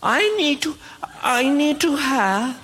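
A sly little girl fibbing her way out of bedtime, as a comedian puts her on, whining and dragging out every word. Her pleas come slow and stretched. The room behind is noisy and live. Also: very high-pitched, very animated, pushed and bright, pitched above the performer's own voice, full character voice. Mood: whiny stalling. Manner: whiny, drawn-out pleading.

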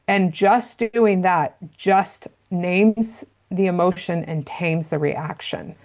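A woman's voice: fairly low pitch, measured pace, vocal fry, darkish tone. A woman answering interview questions as a parenting expert, explaining at length with frequent fillers.

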